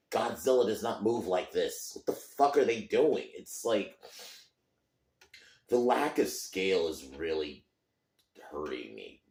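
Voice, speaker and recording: A man's voice: low-pitched, darkish tone, reverberant. A man ranting in a movie review, frustrated and emphatic, swearing often.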